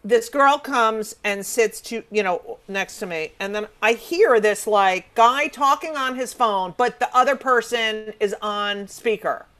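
A high-pitched middle-aged woman trading stories in a casual chat. She talks in a brash, profane way and keeps slipping into voices for the people she describes. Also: measured pace, few pauses, a bit bright. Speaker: comedian guest.

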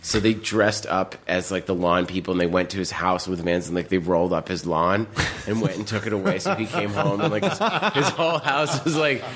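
A man, a guest filmmaker, telling rambling, animated anecdotes in casual chat, full of fillers and restarts. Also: deep voice, fairly quick.

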